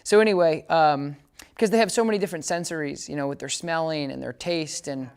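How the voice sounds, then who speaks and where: A man teaching dog training in a relaxed demonstration. He explains each step casually and often checks in with the listener. His short commands to the dog come out bright and encouraging. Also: on the high side, a little fast, smooth. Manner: chatty, keeps checking understanding. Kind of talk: casual hands-on training demo.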